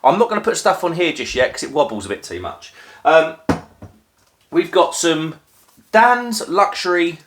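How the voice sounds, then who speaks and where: A man's voice: a little high, very animated, moderate pace, pauses often, background noise. Man, casual home vlog, rambling, lots of ums, phone recording. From Norfolk, England. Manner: rambling, self-deprecating, many filler ums. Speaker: craft beer video host. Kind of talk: casual chat while making a drink. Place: at home, crouched down.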